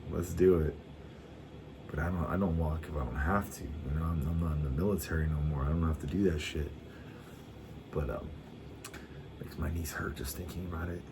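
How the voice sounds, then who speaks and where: Deep-voiced guy rambling casually, cussing a lot, faint background noise. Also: a little mellow. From United States. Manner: laid-back rambling storytelling, swears a lot, often restarts. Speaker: vlogger. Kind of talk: casual chat.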